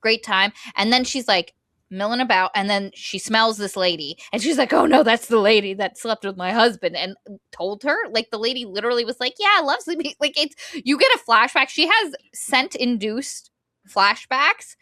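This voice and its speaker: A woman talks through a novel's plot in a lively, chatty way and quotes the characters in quick bursts. Her voice is bright and forward, recorded close and dry with no room sound. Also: fairly high pitch, no echo. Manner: animated plot recap, acting out characters' lines. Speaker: podcast co-host. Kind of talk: casual book discussion.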